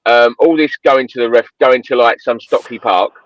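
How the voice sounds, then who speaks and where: A man's voice: medium pitch, normal speed, no echo. A man making emphatic points in casual football chat. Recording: dull dry lo-fi sound.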